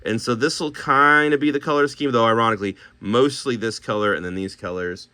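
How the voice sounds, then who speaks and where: A man's voice: medium pitch, a little fast, pushed and bright, clean tone, dry recording. A man casually thinking aloud as he shows paints and miniatures, talking himself through color choices with many restarts.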